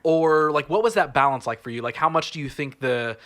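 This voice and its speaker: A man's voice: on the high side, a little fast, a bit bright. Rambling casual male podcast host. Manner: rambling, many restarts and "like"s.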